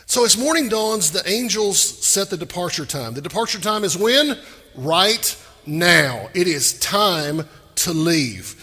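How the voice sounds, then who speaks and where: Male pastor, bright husky voice, emphatic sermon delivery, long hall reverb. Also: sits high, measured pace. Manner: animated, emphatic, asks the crowd questions.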